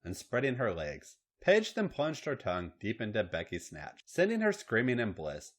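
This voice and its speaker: A man's voice: on the low side, huge pitch swings, moderate pace, hardly any pauses. A man hosting a podcast, reading a story aloud in a matter-of-fact way. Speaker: podcast host and story reader. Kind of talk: reading erotic fiction aloud.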